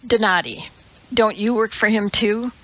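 A woman reading an audiobook, voicing a calm, precise woman chemist who speaks in a composed way. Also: medium pitch, measured pace, natural voice. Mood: matter-of-fact. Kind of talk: audiobook character voice. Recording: dull lo-fi audiobook recording.

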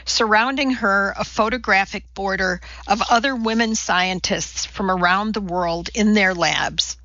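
Female audiobook narrator; measured, crisp, unhurried, close and dry. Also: medium pitch, bright, forceful tone, dry recording, dull audio. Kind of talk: scripted novel narration.

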